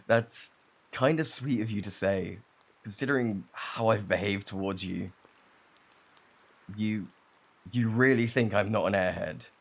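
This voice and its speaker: Man playing a young British bully, low voice, curt, defensive, ASMR role-play. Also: a little slow, gravelly, long pauses. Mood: softening. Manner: rude and curt, turning shaky and vulnerable. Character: surly young male student bully, defensive.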